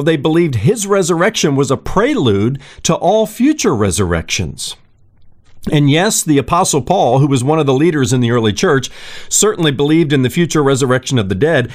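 A man preaching a sermon, asking listeners direct questions and slowing down on key phrases. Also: fairly high pitch. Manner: emphatic, slows down for key phrases.

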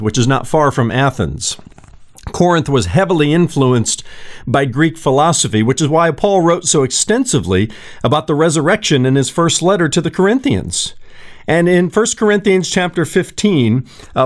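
A man preaching a sermon, asking listeners direct questions and slowing down on key phrases. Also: fairly high pitch, animated. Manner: emphatic, slows down for key phrases.

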